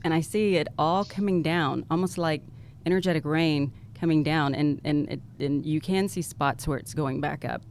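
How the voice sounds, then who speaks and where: A woman's voice: sits low, fairly even intonation, moderate pace, a little mellow, a little hiss or hum. A woman describing inner visions in a casual spiritual chat, rambling and imaginative.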